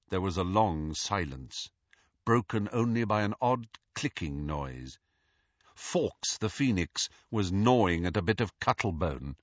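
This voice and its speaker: A man narrating an audiobook, reading in a slow, deliberate and expressive way on a close studio mic. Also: sits low, dry recording, highs cut off. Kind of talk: scripted narration.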